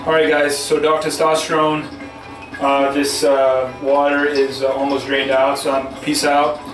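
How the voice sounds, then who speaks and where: A man's voice: on the high side, level tone, measured pace, a bit bright, soft background music. Shivering man talking from an ice bath. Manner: rambling, profane, self-talk between gasps. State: shivering, breathing heavily. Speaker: vlogger. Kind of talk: casual vlog narration. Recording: echoey bathroom, mic at a distance.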